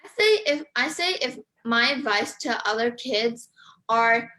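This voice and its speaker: A woman's voice: fairly high pitch, animated, a little slow, pushed and bright, low-quality recording. A woman author on a radio interview, earnest and a bit hesitant, reading from her book. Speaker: author and guest. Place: radio studio.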